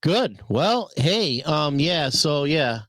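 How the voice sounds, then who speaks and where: A man's voice: on the high side, big pitch swings, slow, a bit bright, no room sound. A man hosting a casual live-stream talk show, chatty and loose, greeting viewers and swearing casually. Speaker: host.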